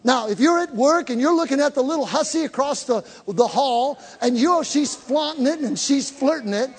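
A man's voice: very high voice, normal speed. A man preaching a sermon to a congregation, emphatic, repeating key words and drawing the crowd into call and response. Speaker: pastor. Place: church hall with live congregation. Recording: long reverb of a large hall.

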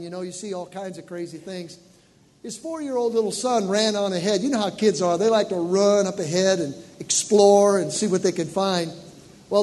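A middle-aged man with a high voice, preaching a sermon that builds to loud, emphatic delivery. His voice rings with long reverb through a large church sanctuary. A faint hum of room noise sits under him. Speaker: pastor.

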